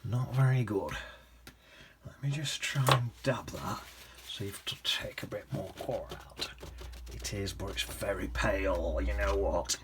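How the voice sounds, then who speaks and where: Low-voiced man teaching watercolour. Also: a little slow, heavy background noise. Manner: chatty, drifts into soft whispers and hums while painting. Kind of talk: casual painting demonstration.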